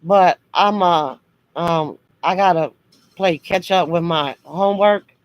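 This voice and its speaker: A woman's voice: on the low side, slow pace, no echo, rough recording. A woman hosting a casual livestream chat. She talks to her viewers in a harsh, blunt way, though she means no harm. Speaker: livestream host.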